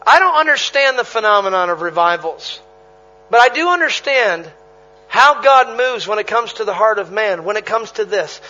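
High, bright-voiced animated preacher man. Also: moderate pace, muffled recording. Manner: animated storytelling, laughs, punchy repetition. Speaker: traveling preacher. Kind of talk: sermon.

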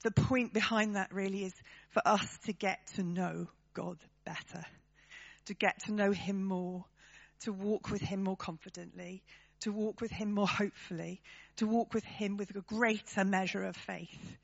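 A woman's voice: mid-range voice, steady tone, normal speed, vocal fry, highs cut off. A woman preaching a sermon to her church, talking conversationally and turning to the congregation with tag questions.

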